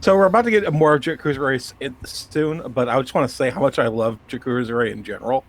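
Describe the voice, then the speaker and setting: A man's voice: mid-range voice, fast. A man co-hosting a podcast, chatting enthusiastically about an anime. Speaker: podcast co-host. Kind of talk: casual podcast chat.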